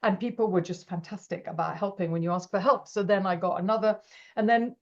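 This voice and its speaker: A middle-aged woman, a podcast guest telling stories in a lively, animated way and acting out quoted voices. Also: mid-range voice, a little fast, highs cut off. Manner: animated, acts out quoted voices, laughs often. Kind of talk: casual interview storytelling.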